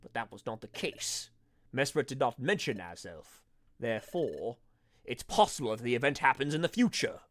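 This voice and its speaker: A calm ghostly mentor weighs each point in a measured, reasoning tone, as a man puts him on. His voice is bright and dry, with a lively pitch. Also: no echo. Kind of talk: voicing game dialogue.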